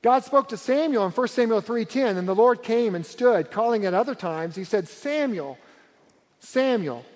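High-voiced preacher in a reverberant hall. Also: male voice, lively intonation, normal speed. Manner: earnest, emphatic preaching with repetitions. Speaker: pastor. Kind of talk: sermon.

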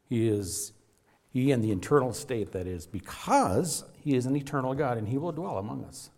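A pastor preaches a sermon to his congregation, his male voice lively in intonation and moving at a normal speed. He is emphatic and earnest, with wide swings in pitch and loudness as his voice rises and falls to stress his points.

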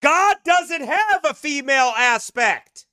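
A man preaching in a sermon-style commentary, emphatic and scornful, sometimes bursting into shouts. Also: extremely high pitch, expressive, slow pace, no room sound, studio quality.

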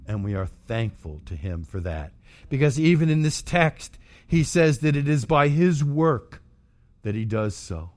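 A man preaching a sermon as pastor, moving from quiet, low passages to shouted, emphatic outbursts. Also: expressive, measured pace.

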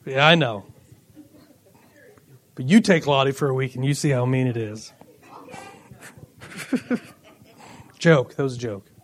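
A middle-aged man preaching a sermon, telling lively personal stories with bursts of laughter. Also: mid-range voice, measured pace, long pauses. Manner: animated storytelling with laughter. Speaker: pastor.

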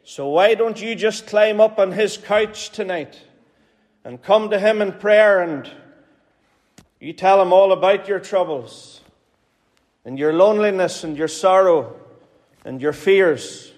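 A man's voice: high-pitched, takes it slowly, pauses often, a little mellow. A man with a Northern Irish accent preaching a sermon in an earnest, pleading way, repeating phrases for emphasis. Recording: hall reverb.

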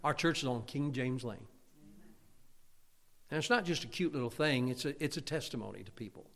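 A man preaching a fiery sermon as pastor, loud and emphatic, with stammered restarts. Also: mid-range voice, normal speed, vocal fry. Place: church sanctuary. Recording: long church reverb.

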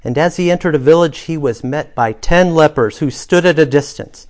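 A man preaching a sermon, telling a vivid story with hushed and loud moments. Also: a little high, moderate pace. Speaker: pastor.

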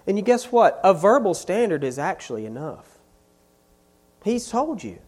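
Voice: mid-range voice, sing-song, normal speed, a little mellow, husky. A pastor preaching a sermon in an emphatic style, hammering key phrases again and again and building force on each repeat.

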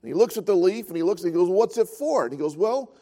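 A man's voice: high-pitched, expressive, racing, mellow. A man preaching a sermon as pastor of a church, telling stories with frequent filler sounds.

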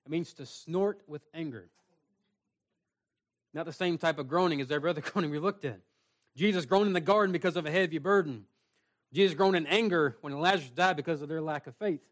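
A man with a notably high voice preaches an earnest sermon to a small church congregation. He moves between plain talk and reading scripture in old-fashioned wording. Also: fairly quick. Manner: earnest preaching, reads scripture aloud in King James wording. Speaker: pastor.

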